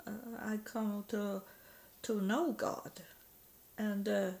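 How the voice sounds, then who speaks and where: A woman from Sweden speaking English, giving a halting personal religious testimony with repeated words and broken grammar. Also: medium pitch, flat delivery, darkish tone.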